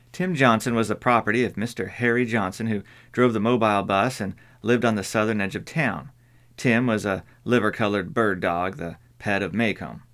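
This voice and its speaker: Man, low voice, audiobook narrator, measured even storytelling. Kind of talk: scripted narration.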